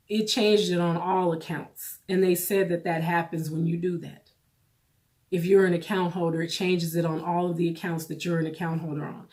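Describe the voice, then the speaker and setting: A woman with a somewhat low voice talks straight to camera in a personal vlog. She is tearful and holds back crying, and her speech comes out halting, with phrases repeated as she works through the story. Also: a little mellow. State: tearful, holding back tears. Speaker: vlogger.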